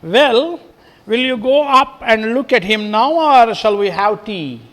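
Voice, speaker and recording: Brief: a brisk, businesslike middle-aged woman, read by a man, high and lively. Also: big-room sound, full character voice. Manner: businesslike, raised read-aloud tone.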